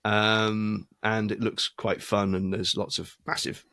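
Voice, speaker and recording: A man's voice: on the low side, little pitch movement, takes it slowly, gravelly, bright, forceful tone, no room sound. A man co-hosting a podcast, telling a rambling story with a dry, self-amused tone. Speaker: podcast co-host. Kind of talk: casual chat.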